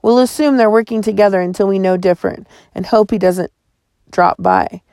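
A steady, protective mother, firm and calming, her speech measured, voiced by a woman reading a storybook. Her voice sits in the middle range with a gravelly fry. The sound is close and dry. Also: medium pitch, no echo, natural voice.

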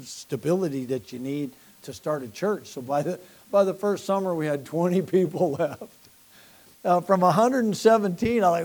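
An older man, a pastor, telling church-planting stories in a folksy, animated sermon with laughs and asides. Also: a little high. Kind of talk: sermon storytelling.

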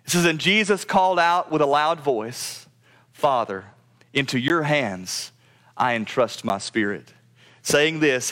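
Emphatic preaching man, slightly high voice. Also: fairly bright tone. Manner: emphatic preaching, voice rising and dropping low on key phrases; repeats words when speeding up. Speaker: pastor. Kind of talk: sermon.

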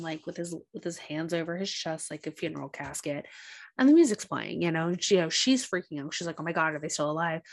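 A woman co-hosting a podcast, retelling a movie's plot in casual chat and acting out the characters' lines. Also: lowish voice. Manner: animated retelling, acts out quotes. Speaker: podcast co-host.

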